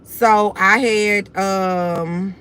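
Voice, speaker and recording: A woman's voice: medium pitch, fairly even intonation, very slow, a bit bright, slight background noise. Young woman, southern houston accent, livestream chat, blunt, confident, talks to y'all. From Houston, Texas. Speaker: livestream host.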